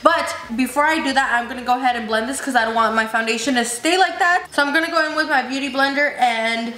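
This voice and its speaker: A woman's voice: sits high, quick pace, pushed and bright. A young woman with a slight lisp from braces, gushing to her viewers as she tests a makeup tool in a casual vlog. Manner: bubbly, gushing, addresses viewers as you guys. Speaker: beauty vlogger. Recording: echoey room with faint noise.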